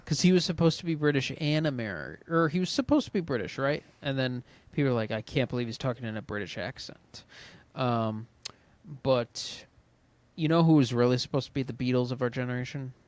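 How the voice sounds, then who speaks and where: Young male podcast co-host, mid-pitched and offhand, joking casually, dry studio sound. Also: a little fast, no echo. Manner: joking, offhand, trails off with fillers. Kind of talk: casual chat.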